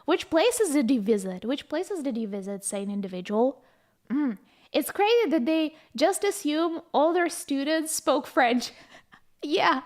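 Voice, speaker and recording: A woman's voice: sits high, expressive, measured pace. A young woman from Ukraine, chatting casually on a live stream, telling stories, reading chat aloud and laughing often.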